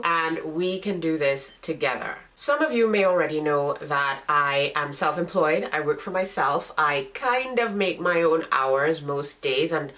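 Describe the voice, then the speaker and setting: A woman's voice: low voice, animated, moderate pace, few pauses, a bit bright. A young woman with a congested, stuffy voice from a cold, chatting casually in a story-time vlog. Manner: chatty, encouraging. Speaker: vlogger.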